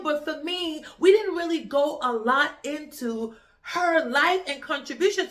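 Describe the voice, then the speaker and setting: A woman from Jamaica with a Jamaican accent, giving a chatty, animated film review with emphatic repetition. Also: sits high. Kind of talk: casual spoken film review.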